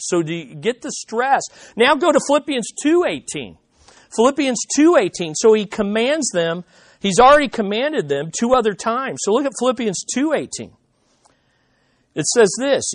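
A pastor delivers a sermon with a mid-pitched voice, recorded dry with almost no room sound. The delivery is conversational yet emphatic, with key lines repeated for stress and questions put straight to the listeners. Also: very animated, normal speed, no echo.

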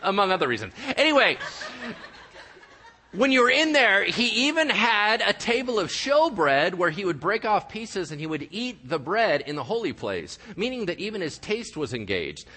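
A male pastor delivers an animated, joking sermon to his congregation. His voice is bright and forward, and it rings out with the long reverb of a church hall. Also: high voice, normal speed. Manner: animated, jokey, talks to the congregation.

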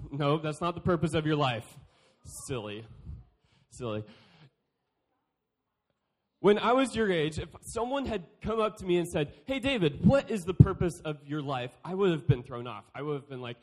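A young man delivering a youth sermon with a higher-pitched voice. He keeps it playful, cracking jokes and acting out little quoted exchanges. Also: lively intonation, moderate pace. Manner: playful, joking, acts out quotes. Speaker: youth speaker.

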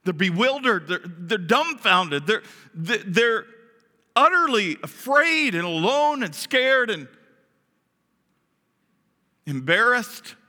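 A man preaching a sermon, telling a story dramatically, his voice swinging from hushed to loud as he acts out voices. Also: high voice, very animated, slow pace, pauses often. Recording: long hall reverb.

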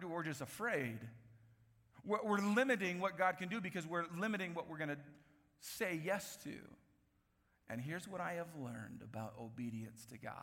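Animated high-voiced man preaching in a hall. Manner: animated, acts out quoted voices, swings from loud to hushed. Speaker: pastor. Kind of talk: sermon. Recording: reverberant hall.

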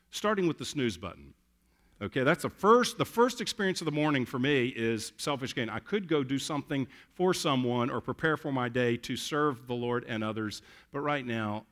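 A man's voice: mid-range voice, a bit bright. A man preaching a sermon, conversational and earnest, reading verses and turning them into prayers. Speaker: pastor.

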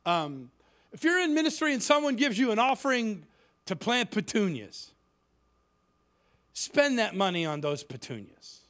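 A man preaching in a church, with an unusually high, bright voice. His pitch swings all over as he tells stories and slips into the voices of the people in them. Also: a little slow, long pauses. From Cleveland inner city. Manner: lively storytelling, acts out quoted voices. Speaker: guest preacher. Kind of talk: sermon.

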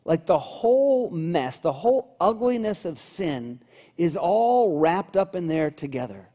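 Mellow-voiced pastor preaching in a reverberant hall. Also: male voice, sits high, big pitch swings. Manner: earnest, unhurried preaching with slow scripture reading. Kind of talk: sermon. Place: church sanctuary. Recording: long church reverb.

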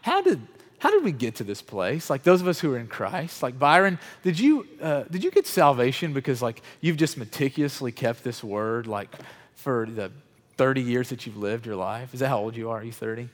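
A very animated male pastor preaches fairly quickly in a large church hall with chairs, his voice mid-range. He chats with the congregation, asking them questions, and his speech is riddled with fillers, frequent "like," restarts, and repeated false starts.

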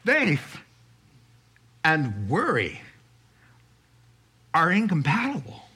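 Bright, animated man preaching. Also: on the high side, extremely slow, breathy edge. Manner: animated, acts out worried voices, chuckles. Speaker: pastor. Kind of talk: sermon.

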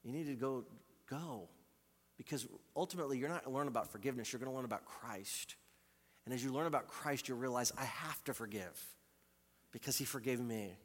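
A man preaching a sermon as a pastor, swinging from loud, urgent calls to quiet, intimate passages and repeating phrases for emphasis. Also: mid-range voice, a little fast. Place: church sanctuary. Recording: live church recording with long hall reverb.

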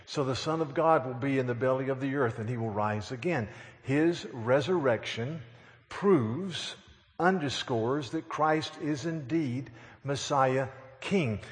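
A man preaching in a church sanctuary, voice a touch higher than most. He reads scripture dramatically and tells the story with animated asides. A long reverb trails every phrase. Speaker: pastor. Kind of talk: sermon.

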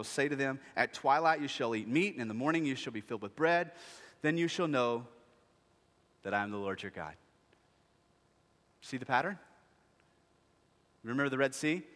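A man preaches in a big church hall, his voice bright and ringing with long reverb. His pitch swings widely as he jokes and acts out whiny voices. He sounds like a pastor in his thirties. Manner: lively, jokey preaching with acted voices. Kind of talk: sermon. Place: church sanctuary.

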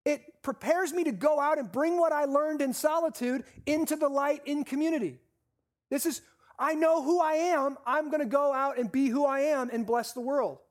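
A high-voiced pastor preaches a sermon built on repeated, stressed phrases. He slows down on key lines and asks the congregation questions.

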